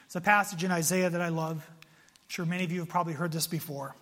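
A man preaching a sermon to a congregation in a conversational, animated way, with asides to the listeners. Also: fairly high pitch, fast, long reverb tail. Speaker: pastor.

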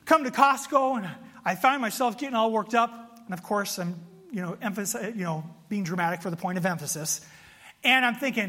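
A man preaching a sermon, telling a story in an animated, self-mocking way before turning to his teaching. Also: sits high, normal speed, big-room sound. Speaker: pastor.

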